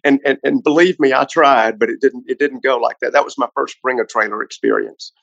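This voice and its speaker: A man's voice: mid-range voice, brisk, creaky, a bit bright, no echo, muffled recording. A man, a car collector guest on a podcast, telling a long story in a casual, rambling way with many restarts.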